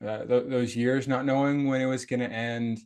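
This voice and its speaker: A man hosts an interview and asks the questions in a voice of middle pitch. He hesitates a lot and fills his pauses with "um" and "uh" as he builds long questions. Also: fairly even intonation, darkish tone, clear, resonant tone. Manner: hesitant, with many filler words. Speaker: interview host.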